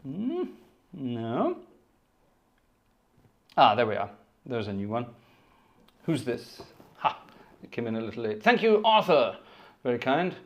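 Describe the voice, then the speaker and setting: A man's voice: mid-range voice, wildly swooping pitch, unhurried, pauses often, highs cut off. A man hosting a live organ music stream, chatting casually with viewers, thanking them by name and telling a long anecdote. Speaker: organist and livestream host. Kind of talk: casual chat. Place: at home.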